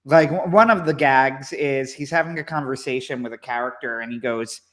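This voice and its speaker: A man co-hosting a casual livestream chat, rambling and hesitant with lots of fillers, in a wry, low-key way. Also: moderate pace, a bit bright. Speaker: co-host, movie commentator.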